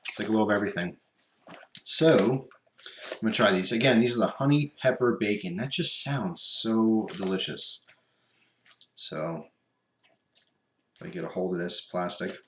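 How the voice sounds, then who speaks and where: A man's voice: fairly low pitch, moderate pace, long pauses. Rambling man tasting snacks, echoey room. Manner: rambling, chatty, talks while chewing. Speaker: vlogger. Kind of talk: casual unboxing and taste-test vlog. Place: room at home by his computer. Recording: echoey room with background noise.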